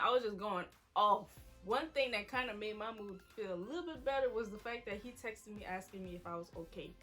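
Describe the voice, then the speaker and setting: A woman's voice: mid-range voice, fairly quick, few pauses, fairly bright tone, soft background music. A woman in her twenties, a vlogger, candidly telling her story to viewers in a chatty way. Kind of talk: emotional story time to viewers.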